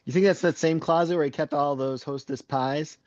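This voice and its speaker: A man's voice: a little high, steady tone, brisk, no echo, lo-fi sound. A man co-hosting a casual comic book podcast, cracking wry jokes and laughing often. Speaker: podcast co-host.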